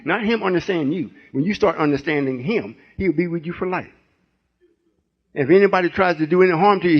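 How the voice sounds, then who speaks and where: An older man in his late sixties delivers a folksy, rambling teaching with call-and-response asides. His voice is husky and sits a little high. The recording sounds muffled and lo-fi. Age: 60s. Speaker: spiritual teacher. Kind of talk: informal sermon teaching.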